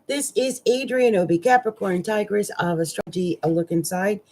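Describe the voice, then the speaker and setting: Chatty husky woman astrologer. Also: mid-range voice, moderate pace, a little mellow. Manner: chatty, rambling, with fillers and restarts. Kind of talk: casual horoscope reading.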